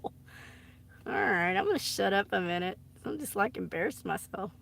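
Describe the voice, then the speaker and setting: A woman's voice: mid-range voice, lively intonation, normal speed, gravelly, a bit bright. A woman chatting casually on a live stream, giggly and teasing, often dropping into embarrassed whispers. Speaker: artist live-streaming to viewers. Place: home art studio.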